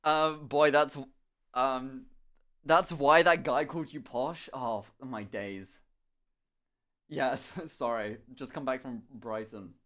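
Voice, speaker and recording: A young man from Somerset, a streamer chatting casually while he paints, telling stories excitably with lots of swearing and laughter. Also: mid-range voice, slow. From Somerset, England. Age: young adult.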